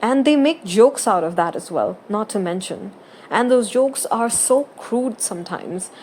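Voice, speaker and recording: A woman's voice: medium pitch, expressive, unhurried, a little mellow, slight background noise. A woman who makes gaming videos, talking through her opinions in casual, earnest and emphatic commentary.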